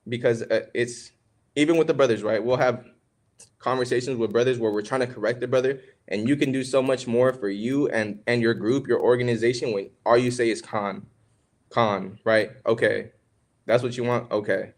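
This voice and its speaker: A young man of middle pitch talks through a religious lesson on marriage like a casual podcast chat. He keeps calling listeners "man" and "bro" and asks a lot of rhetorical questions. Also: steady tone, a little fast. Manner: conversational, preachy, calls listeners "man" and "bro". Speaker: podcast co-host. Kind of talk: casual religious teaching talk.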